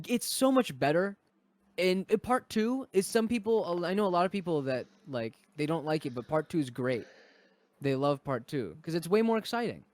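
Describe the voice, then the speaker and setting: Man, high-pitched, animated storyteller, casual podcast chat, dry close sound. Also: no room sound. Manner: animated storyteller, acts out quotes. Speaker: podcast cast member.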